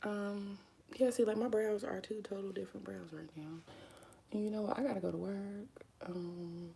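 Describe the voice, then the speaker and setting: Chatty woman with a husky, gravelly voice. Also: medium pitch, fairly even intonation, moderate pace, warm tone. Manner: chatty, dramatic, calls viewers honey and y'all. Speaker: vlogger. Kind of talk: casual makeup vlog chat.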